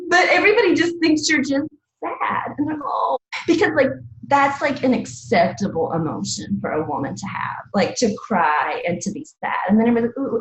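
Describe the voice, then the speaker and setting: A woman's voice: a little high, lively intonation, normal speed, echoey room, low-quality recording. A woman from the American South, an herbalist teacher, speaking in an earnest, reflective way and often laughing and acting out little bits of dialogue. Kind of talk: reflective casual talk.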